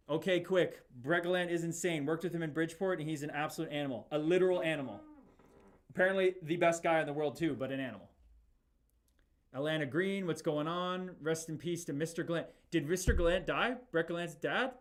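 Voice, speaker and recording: A man's voice: a little high, a little fast. A man in his thirties, a former fighter from Canada, hosting a livestream. He reads chat aloud and talks emphatically, repeating himself like a preacher. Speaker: podcast host reading live chat. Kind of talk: livestream talk.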